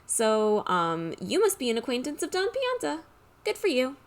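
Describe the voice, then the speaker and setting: A woman's voice: high voice, huge pitch swings, moderate pace. Chatty young woman commenting on gameplay. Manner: chatty, laughs often. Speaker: let's play host.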